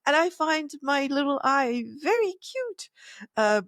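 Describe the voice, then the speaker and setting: A woman co-hosting a podcast, speaking in a reflective, animated conversational way and often acting out inner voices. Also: sits high, measured pace, no echo. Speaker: podcast co-host.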